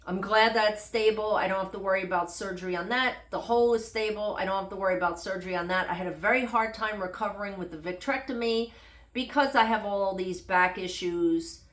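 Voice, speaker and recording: A woman's voice: medium pitch, fairly quick, a bit bright. A middle-aged woman vlogging a casual, unedited health update in a rambling, chatty way with self-deprecating humor. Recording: echoey room.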